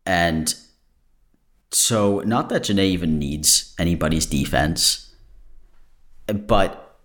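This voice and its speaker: A man's voice: low-pitched, slow pace, fairly bright tone. A man hosting a casual solo podcast, talking candidly and digressively, often breaking off mid-thought. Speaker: podcast host. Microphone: camera-recorded.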